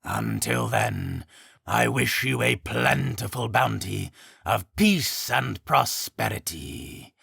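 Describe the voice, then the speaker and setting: A man's voice: lowish voice, sing-song, takes it slowly, creaky, sharp tone, breathy edge, no room sound, clean studio sound, full character voice. A man voicing an ancient male harpygriff guardian who speaks in a formal, archaic way. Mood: solemn. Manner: formal, archaic, stately speech.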